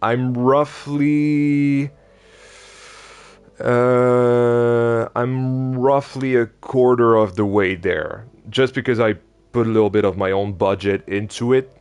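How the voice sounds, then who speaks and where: A man streaming a game, chatting casually and rambling with many hesitations, his voice going a little hoarse. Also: on the low side, normal speed, few pauses. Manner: rambling, hesitant, hums tunes softly. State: losing his voice. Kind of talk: casual live-stream chat while playing.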